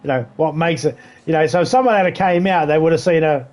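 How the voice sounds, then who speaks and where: A man's voice: fairly high pitch, quick pace, darkish tone. A middle-aged man, chatting casually and swearing freely while streaming a game. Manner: profane, rambling storytelling. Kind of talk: casual chat while gaming.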